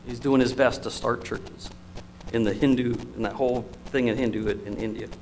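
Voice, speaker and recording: A man preaching a sermon, telling stories in an emotional, storytelling manner with lively swings in loudness. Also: mid-range voice, moderate pace, a little hiss or hum, rough recording.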